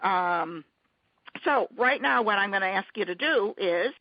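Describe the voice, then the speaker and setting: A woman hosting a teleconference casually, talking haltingly with many restarts and fillers over a muffled conference-call line. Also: mid-range voice, expressive, no echo.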